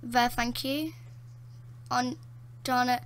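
Excitable bright high-voiced woman gamer. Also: takes it slowly, slight background noise. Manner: excitable, gasping and laughing, frequent exclamations. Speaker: gameplay commentator. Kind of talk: casual gameplay commentary. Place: at home in a dark room.

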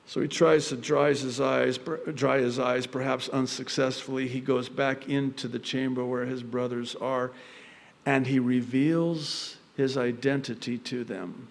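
Slow-speaking pastor in a reverberant hall. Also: male voice, mid-range voice, gravelly. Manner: animated storytelling, acting out the characters' quoted lines. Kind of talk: sermon. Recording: long reverb of a large hall.

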